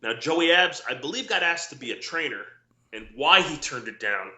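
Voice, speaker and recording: A man's voice: a little high, animated, normal speed, pushed and bright, reverberant. A middle-aged man, a former wrestler, telling rambling anecdotes full of quoted dialogue in a casual interview.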